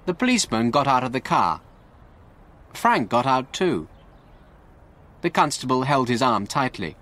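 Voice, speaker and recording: A man narrating a graded story for English learners in a slow, clear, expressive way. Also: medium pitch.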